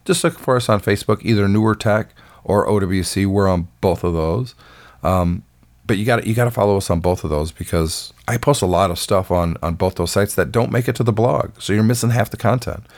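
A man hosting a casual tech podcast, chatty and enthusiastic, with a voice that sounds a little rough and off today. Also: lowish voice, brisk. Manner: chatty and enthusiastic, with filler words. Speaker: podcast host.

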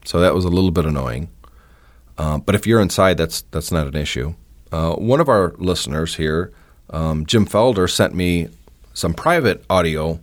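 A man's voice: sits low, expressive, normal speed. A man hosting a podcast on his own, talking casually and with strong opinions, with plenty of fillers and restarts. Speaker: podcast host. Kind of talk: casual solo podcast talk. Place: indoor home studio.

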